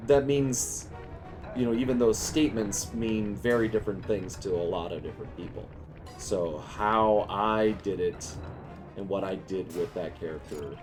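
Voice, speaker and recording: Chatty man streaming a game. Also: on the low side. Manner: rambling and chatty, laughs often. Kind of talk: casual chat while gaming. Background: game music.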